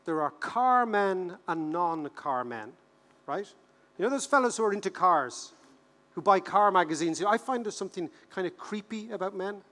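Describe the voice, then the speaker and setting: An Irish man in his fifties giving a humorous conference keynote, animated and joking, repeating words for rhythm. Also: sits high, normal speed. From Ireland. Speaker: keynote speaker. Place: large conference hall. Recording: reverberant conference hall.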